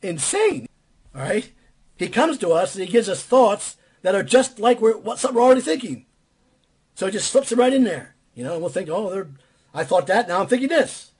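A man's voice: high voice, sing-song, a little fast, darkish tone, breathy edge. A man preaching a sermon in a blunt, emphatic way, repeating phrases for stress.

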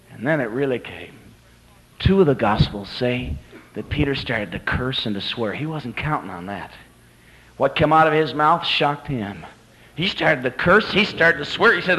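A male preacher giving a sermon at a convention, retelling a story dramatically and swinging from hushed to climactic. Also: medium pitch, animated, moderate pace, rough recording.

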